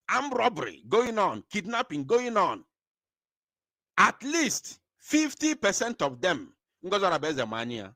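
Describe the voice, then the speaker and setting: Emphatic male commentator, slightly high voice, very animated delivery. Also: measured pace, dry recording, clean studio sound. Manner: fiery, emphatic, mixes Igbo and English. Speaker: political commentator. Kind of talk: impassioned commentary.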